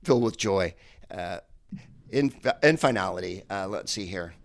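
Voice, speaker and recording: A stand-up comic from San Francisco rambles through a set from home, his voice sitting a little low. He talks into an earpiece headset with lots of ums and restarts. The sound is dry and close. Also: lively intonation, normal speed, vocal fry, dry recording. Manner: rambling, digressive delivery with many fillers. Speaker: stand-up comedian. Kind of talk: stand-up set over a video call.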